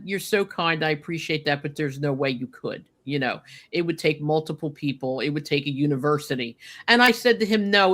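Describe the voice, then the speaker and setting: A woman telling a personal story with deep feeling, choked up, with lots of "you know" and "like". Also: a bit bright. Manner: heartfelt, many fillers like "you know" and "like". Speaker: guest recalling a friend.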